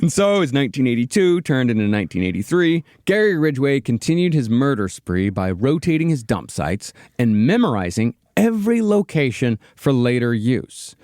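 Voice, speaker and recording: A man narrates a true-crime story for a podcast, his pitch moving a lot as he leans into the telling. He drops in dry little asides between the facts. The sound is close and dry, with no room around it. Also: big pitch swings, normal speed, hardly any pauses, darkish tone, dry recording. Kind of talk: reading researched narration with banter.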